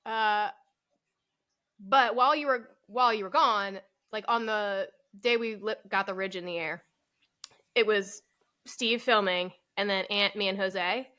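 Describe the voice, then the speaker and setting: Bright-voiced woman laughing through a chat. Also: mid-range voice, unhurried, clear, resonant tone. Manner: laughing often, self-deprecating, chatty. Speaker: podcast co-host. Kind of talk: casual chat.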